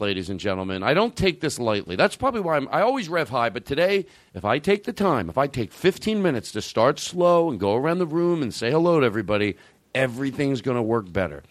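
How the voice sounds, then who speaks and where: A man hosting a comedy talk show, rambling and excitable with plenty of swearing. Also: medium pitch, dry recording. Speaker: host.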